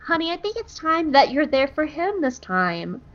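A woman's voice: high-pitched, sing-song, normal speed, pitched above the performer's own voice. Sassy young wife, fond scolding, casual recap delivery by a woman recapper; lo-fi. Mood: teasing. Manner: teasing, affectionate, calls him sweetie and honey.

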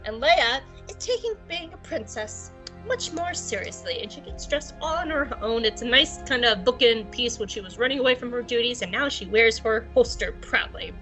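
A woman's voice: a little high, lively intonation, moderate pace, fairly bright tone, soft background music, poor audio. A woman co-hosting a podcast, recapping an episode in a chatty, jokey way. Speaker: podcast co-host.

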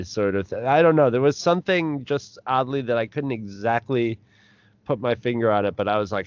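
Man, podcast co-host, rambling casual talk, smooth resonant low voice, dry muffled recording. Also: no echo. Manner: rambling, halting restarts. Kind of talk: casual chat.

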